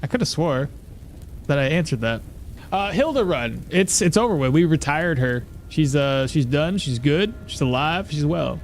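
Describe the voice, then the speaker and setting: A man's voice: fairly high pitch, expressive, normal speed, soft background music. A man streaming a video game, chatting casually, thinking aloud and answering his chat as he plays. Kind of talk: live gameplay commentary.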